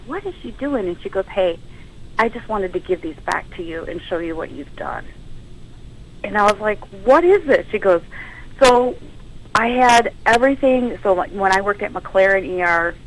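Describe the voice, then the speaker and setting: A woman's voice: deep voice, rough recording. A woman in her thirties tells her story as a guest on a radio interview, sharing it with emotion and bringing the people she quotes to life. A faint hiss of noise runs under her voice. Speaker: guest firefighter paramedic.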